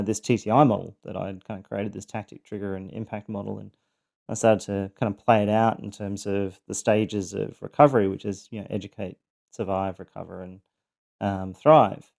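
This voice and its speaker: Soft, warm-voiced man telling his story. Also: fairly low pitch, creaky. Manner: earnest, thoughtful, with frequent ums and restarts. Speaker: podcast host sharing his survival story. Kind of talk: reflective personal monologue.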